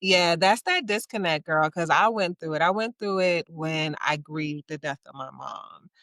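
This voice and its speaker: A middle-aged woman who hosts a casual chat, encouraging her guest and telling expressive stories. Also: low-pitched, normal speed, dry recording. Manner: warm, encouraging, expressive storyteller. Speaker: podcast host.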